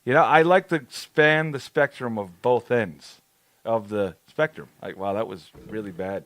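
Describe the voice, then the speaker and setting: A man's voice: mid-range voice, unhurried, fairly bright tone, no room sound. Crude, laughing New man. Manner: crude, swearing, laughing often. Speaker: podcast co-host. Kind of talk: casual chat.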